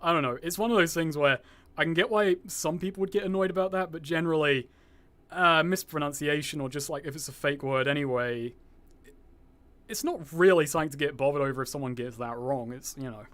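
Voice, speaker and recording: A man's voice: fairly high pitch, brisk, fairly bright tone. A young man streaming a game, chatting casually with viewers, rambling, swearing freely and reading chat aloud, with a slightly posh-sounding voice. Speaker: gaming streamer.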